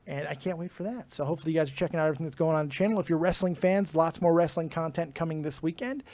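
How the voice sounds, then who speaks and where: A man's voice: a little high, very fast, a little mellow, dry recording. Profane, blunt male podcast host. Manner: blunt and profane, wrapping up the show. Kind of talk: casual chat.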